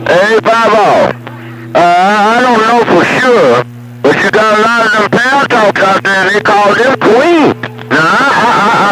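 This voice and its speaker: Rambling, high-voiced man over CB radio, music loud behind. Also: poor audio. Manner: rambling, drawn-out teasing. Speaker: CB radio caller. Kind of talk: casual CB radio banter.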